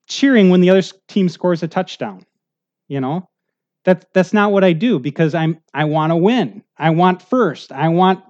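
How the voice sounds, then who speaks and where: A man preaching a conversational sermon, rambling and animated, full of asides and restarts. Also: sits high. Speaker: pastor. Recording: muffled lo-fi recording.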